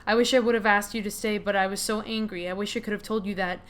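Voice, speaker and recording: A woman voicing a hurt, angry young woman confronting her family, read in a steady, bitter tone while playing a game. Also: medium pitch, fast talker, natural voice. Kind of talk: reading game dialogue aloud.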